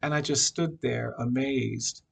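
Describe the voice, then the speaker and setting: A man giving a reflective personal tribute at a memorial, telling a story with frequent pauses and fillers. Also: medium pitch, vocal fry. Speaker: memorial speaker.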